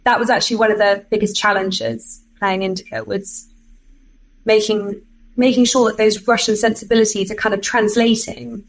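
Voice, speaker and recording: A woman's voice: mid-range voice, little pitch movement, moderate pace, gravelly, rough recording. A woman with an English accent, a voice actor talking as a guest in a casual interview, chatty and self-deprecating, often breaking into laughter.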